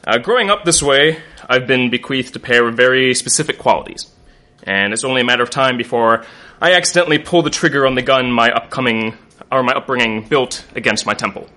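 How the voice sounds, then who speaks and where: A man's voice: medium pitch, fairly quick, sharp tone. A man from Northern Virginia telling a comic story on stage in wry, mock-grandiose language.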